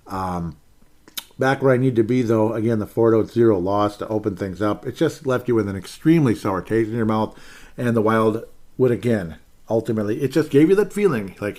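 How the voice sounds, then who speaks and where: A man hosting a solo sports podcast, rambling and excitable, often repeating himself. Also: on the low side.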